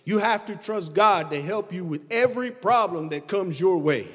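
High-pitched guy preaching hard, voice rising and falling, long echo from the hall. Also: normal speed. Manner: emphatic preaching that rises and drops in pitch and loudness. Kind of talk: sermon.

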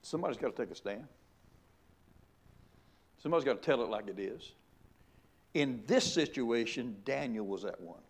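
A man's voice: mid-range voice, animated, normal speed, pauses often, husky. A middle-aged man, a pastor preaching a sermon with emphatic, repeated rhetorical questions.

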